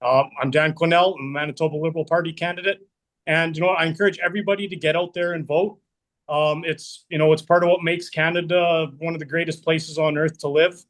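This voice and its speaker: Forceful man candidate, plain-spoken. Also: fairly high pitch, fairly even intonation, a little fast. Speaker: election candidate. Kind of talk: closing statement. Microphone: video call.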